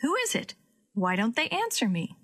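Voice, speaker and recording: Storybook role: an anxious, excitable young boy, pitched high, read by a woman. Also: normal speed, slightly rough, heavily acted. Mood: excited.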